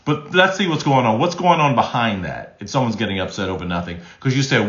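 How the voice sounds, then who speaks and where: A male relationship coach talking on a live stream with a lively, animated pitch that swoops up and down. He drives his points home by repeating key phrases and often restarts his sentences. The room sounds echoey and a little dull. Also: fairly quick. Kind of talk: live-stream teaching, reading chat comments. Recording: roomy, slightly dull sound.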